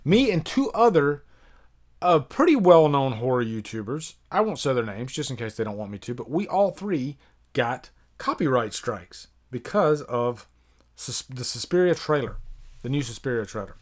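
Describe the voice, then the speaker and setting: An American man in his thirties hosts a live-stream Q&A, thinking aloud with plenty of ums and asides. His voice sits at an ordinary middle pitch and he talks into a desktop microphone. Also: very animated, moderate pace. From United States. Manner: rambling and chatty, many fillers, reads out viewer questions. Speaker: YouTube horror movie reviewer, live stream host. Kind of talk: casual live-stream Q&A chat.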